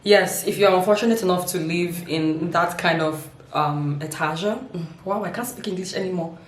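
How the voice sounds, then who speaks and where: Woman vlogger, lower voice, teasing and animated, laughs through her points; echoey home room. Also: brisk. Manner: playful, laughs often, dramatic emphasis. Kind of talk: humorous casual vlog.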